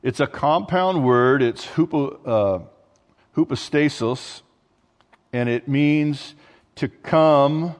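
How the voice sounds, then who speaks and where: A man's voice: mid-range voice, darkish tone. A male pastor preaching a sermon in a conversational way, with joking asides and restarts mid-thought. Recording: long hall reverb.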